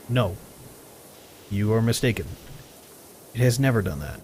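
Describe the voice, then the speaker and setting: A man streaming and casually telling stories while he plays, blunt and animated, often laughing. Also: on the low side, moderate pace, pauses often, a little hiss or hum. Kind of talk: casual storytelling while gaming.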